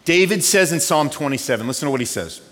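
A man preaching a sermon as pastor, conversational, moving between hushed reflection and excited storytelling. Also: fairly high pitch, fast talker. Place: church sanctuary. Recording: reverberant hall.

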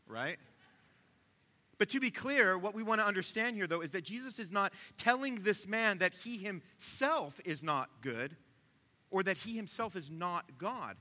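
A man's voice: high voice, lively intonation, moderate pace, sharp tone, in a large hall. A man preaching a sermon in a conversational way, talking straight to his listeners. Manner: conversational, asks the room to follow along. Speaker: pastor.

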